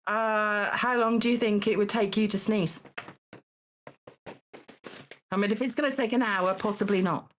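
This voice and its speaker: A woman's voice: mid-range voice, steady tone, brisk, slight background noise. Dry-humored woman hosting. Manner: dry, teasing, with many ums and restarts. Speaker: host running a charity game show stream. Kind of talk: casual live-stream hosting.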